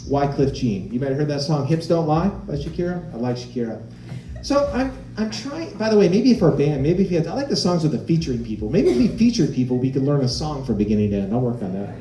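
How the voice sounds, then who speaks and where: A man's voice: fairly high pitch, mellow, roomy sound, distant mic. A man performing a stand-up comedy set, telling stories and acting out other people's voices.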